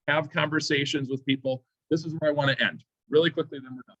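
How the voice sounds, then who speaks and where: A man's voice: on the high side, fairly even intonation, fairly quick, no room sound. A man leads a parent seminar at a school, earnest and pleading as he gives advice. The sound is dull and lo-fi, with a dry, close feel. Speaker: teacher and seminar speaker. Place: school room.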